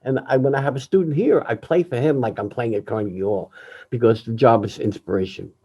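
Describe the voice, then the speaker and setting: An older man, a jazz pianist, speaking candidly over a video call in an emotional, reflective way, often halting and restarting. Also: mid-range voice, husky, highs cut off. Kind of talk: candid personal talk.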